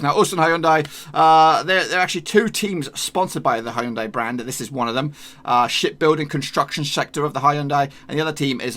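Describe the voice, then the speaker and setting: Bright-voiced, chatty football vlogger man. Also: on the high side. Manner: chatty and jokey, with a lot of slang. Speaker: football channel host. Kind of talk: casual football vlog.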